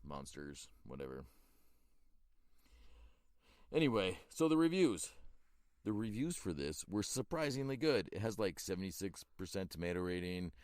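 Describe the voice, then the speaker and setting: A middle-aged man co-hosts a casual movie podcast, teasing his partner and slipping into goofy voices. His voice sits very low, and the recording is dry and close. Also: big pitch swings, moderate pace, long pauses, darkish tone, dry recording. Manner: playful, teasing, does silly voices. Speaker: podcast co-host. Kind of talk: casual movie review chat.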